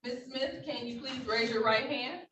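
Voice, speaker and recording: A woman's voice: on the high side, normal speed, fairly bright tone. A woman judge running courtroom proceedings in a formal, patient, procedural manner over a video call. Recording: roomy, distant, faint noise.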